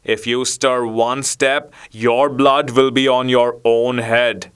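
Man voicing a proud storybook bandit, solemn and slow, bit raised. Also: medium pitch, flat delivery, fairly bright tone, clean tone. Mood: stern. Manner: solemn, dramatic. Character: fierce grown man bandit, proud of his calling.

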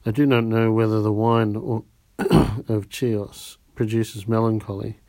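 A man reading as an anxious young gentleman. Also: lowish voice, fairly even intonation, a little slow, dry recording. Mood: uneasy.

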